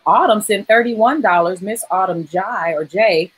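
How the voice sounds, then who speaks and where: A woman's voice: mid-range voice, measured pace. Woman hosting a live dating game show, playful, laughs a lot, little bit of hiss. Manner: playful, laughs often, reads donations aloud. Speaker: host.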